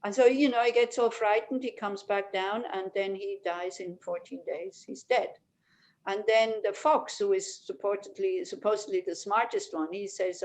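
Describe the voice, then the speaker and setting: A woman's voice: mid-range voice, normal speed, rough recording. Woman teaching a meditation class online. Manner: warm storytelling, many "you know" fillers. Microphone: video call.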